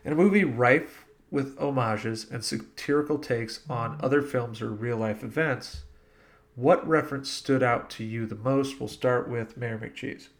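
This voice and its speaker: A man's voice: medium pitch, a little slow. Guy running a movie podcast, chatty and upbeat, asks the questions. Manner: leads the questions, enthusiastic. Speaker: podcast host. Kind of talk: casual movie podcast chat.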